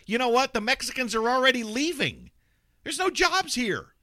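A man's voice: extremely high pitch, very animated, normal speed, bright, forceful tone. A man hosting a talk radio show, ranting bluntly and sarcastically with plenty of swearing. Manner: mocks callers in put-on voices.

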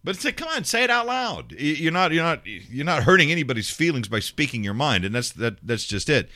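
Blunt, animated radio host. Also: male voice, medium pitch, brisk, no room sound. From Memphis, Tennessee. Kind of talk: casual rant.

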